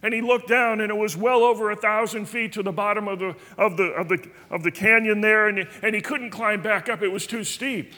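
A man's voice: high voice, moderate pace, sharp tone. A man teaching a Bible study in a church, earnest and folksy, telling stories. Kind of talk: sermon. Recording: reverberant church hall.

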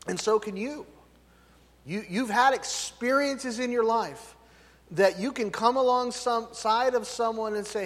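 A man preaching a sermon, loud and emphatic, often checking in with his listeners. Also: very high voice, unhurried. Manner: loud, emphatic, tag questions. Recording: long hall reverb.

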